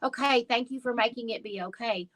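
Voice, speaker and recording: Woman, lingerie store owner, guest; slightly high, emphatic and heartfelt storyteller. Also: fairly quick, fairly bright tone, poor audio. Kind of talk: casual interview chat.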